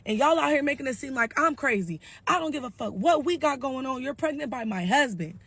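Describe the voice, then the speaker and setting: A woman voicing a furious, betrayed middle-aged aunt who yells and curses in a raised, shrill voice. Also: animated, a little fast, slightly rough, no room sound, full character voice. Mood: indignant. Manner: shrill, yelling, cursing.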